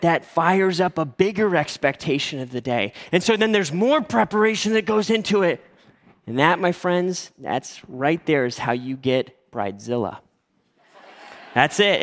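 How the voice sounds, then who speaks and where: A man in his forties, a pastor telling a story in a sermon with lively acted-out voices. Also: mid-range voice. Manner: animated storytelling, acting out quoted voices. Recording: long hall reverb.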